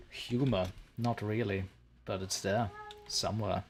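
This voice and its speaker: A man's voice: fairly low pitch, a little slow, a little mellow, slightly rough. A man hosting a let's play, joking and sarcastic as he talks to the creatures in the game. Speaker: gaming channel host.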